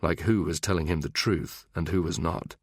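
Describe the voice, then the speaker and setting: A man narrating a thriller audiobook in an even, measured way. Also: low-pitched, husky, dry recording, studio quality. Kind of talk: scripted narration.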